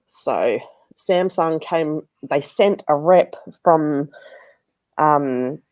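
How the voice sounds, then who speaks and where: An Australian woman co-hosting a casual live stream, chatty and quick to laugh, with stuffed-up sinuses. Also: deep voice, a little mellow, no echo.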